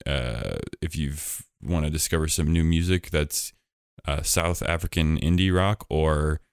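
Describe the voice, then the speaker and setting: A man's voice: very deep voice, unhurried, smooth, no room sound, clean studio sound. A man hosting a podcast, chatting casually in a rambling, jokey way with lots of fillers. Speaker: podcast host.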